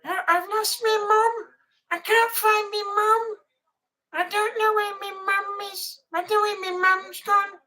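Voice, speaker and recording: A woman's voice: fairly even intonation, a little slow, sharp tone, full character voice. A woman doing an impression of a childish, fretful man on the phone who has lost his mum. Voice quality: high, whiny, fretful.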